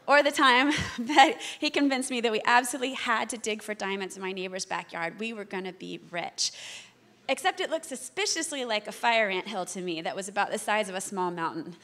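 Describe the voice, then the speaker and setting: A woman's voice: medium pitch, fairly bright tone. A woman giving a keynote talk, telling stories with humorous asides in an upbeat way. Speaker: keynote speaker.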